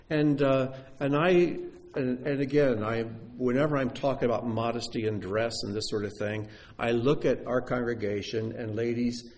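A man preaching a sermon to his congregation, animated and talking straight to them with questions. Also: medium pitch, moderate pace. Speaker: pastor. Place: sanctuary before a congregation.

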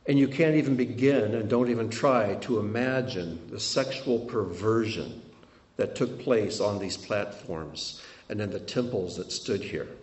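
A man giving a sermon while showing travel photos, telling it in an animated way that swings between loud and hushed. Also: lowish voice, a little slow, reverberant. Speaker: preacher.

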